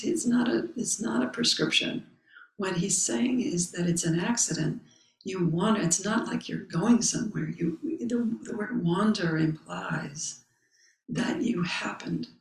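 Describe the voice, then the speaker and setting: A woman giving a dharma talk in a meditation hall, speaking very slowly with a gravelly edge. Her pace is unhurried and contemplative, with long pauses between phrases. The room is echoey around her. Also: fairly low pitch. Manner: slow, contemplative, pausing often. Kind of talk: dharma talk, reading a text aloud and commenting.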